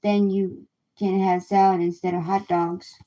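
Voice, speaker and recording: Woman, storybook read-aloud for kids, mellow voice, dull lo-fi sound. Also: mid-range voice, little pitch movement. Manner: slow, gentle read-aloud for children. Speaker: storybook reader. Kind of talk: reading a picture book aloud. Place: home livestream.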